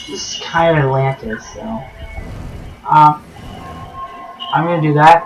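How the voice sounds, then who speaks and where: A man's voice: on the high side, fairly even intonation, measured pace, long pauses, reverberant, far from the mic, highs cut off, soft background music. A man casually commenting on a video game as a let's play host, rambling and joking with goofy asides.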